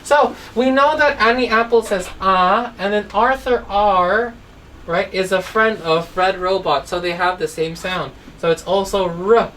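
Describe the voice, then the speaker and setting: A woman's voice: medium pitch, measured pace, a bit bright. Woman, phonics teacher, storytelling for kids, keeps checking "right?", set back from the mic, faint hiss. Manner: asks constant check questions. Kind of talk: online children's phonics lesson. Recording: distant mic, faint background noise.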